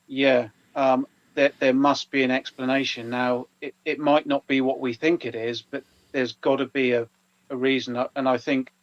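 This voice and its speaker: A man's voice: mid-range voice, level tone, normal speed, dull audio. A man co-hosting a casual podcast, talking hesitantly with many ums and stammered restarts. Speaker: podcast co-host. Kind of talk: casual live podcast chat.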